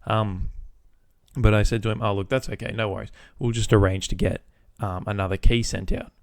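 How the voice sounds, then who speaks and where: A man's voice: fairly low pitch, fairly even intonation, a little fast, creaky, no echo, clean studio sound. A man hosting a podcast, telling a casual story about his workday with swearing, acting out both sides of phone calls. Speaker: podcast host.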